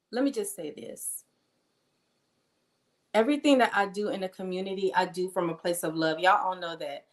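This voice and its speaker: A middle-aged woman, hosting a casual livestream and warmly greeting viewers by name. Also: on the low side. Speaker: livestream host.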